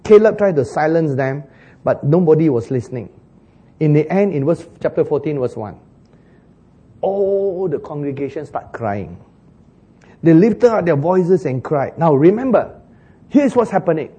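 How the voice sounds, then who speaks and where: A man preaching a sermon in an animated way, chuckling as he talks and acting out the lines he quotes. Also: on the high side, moderate pace, long pauses, breathy edge, highs cut off. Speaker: pastor.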